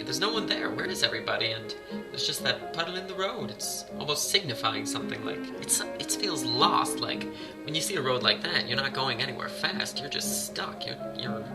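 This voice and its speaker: A man talking casually to his viewers, rambling and wry, with dry asides. His voice sits at an ordinary middle pitch. Clear music plays behind him the whole time. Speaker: vlogger. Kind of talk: casual vlog commentary. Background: music playing.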